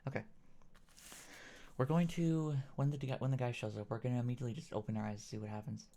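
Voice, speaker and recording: A man's voice: mid-range voice, steady tone, quick pace, dark tone. A man streaming a horror game, rambling and hesitant in casual commentary. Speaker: gaming streamer. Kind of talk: casual let's-play commentary.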